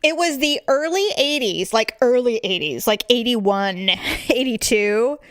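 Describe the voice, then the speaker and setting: A woman's voice: fairly high pitch, measured pace, no echo. Woman with a dry, close sound. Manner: animated storytelling, acting out family members. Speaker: podcast co-host. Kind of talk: casual chat.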